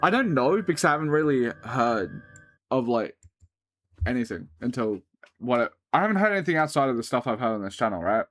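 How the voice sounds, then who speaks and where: A man's voice: medium pitch, big pitch swings, brisk, fairly bright tone. An Australian man hosting a music reaction, talking casually in a rambling way with lots of filler words and casual swearing. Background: album music playing faintly.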